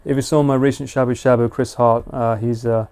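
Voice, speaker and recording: A man's voice: medium pitch, level tone, fairly quick, a little mellow, clear, resonant tone. A British man chatting casually and slangily with viewers on a live stream. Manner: chatty, laid-back, slangy.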